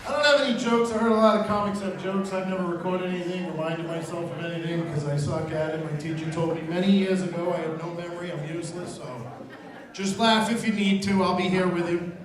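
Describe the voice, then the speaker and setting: A man's voice: sits high, fast talker. A man doing a dry stand-up set in a small pub, teasing the crowd. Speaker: stand-up comedian. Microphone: far handheld camera. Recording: echoey pub from a far camera.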